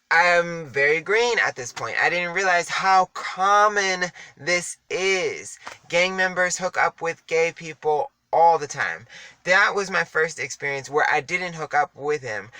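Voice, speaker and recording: A man's voice: a little high, sharp tone. A young man telling a candid story in a casual, chatty monologue, with sassy asides and frequent laughs. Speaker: vlogger.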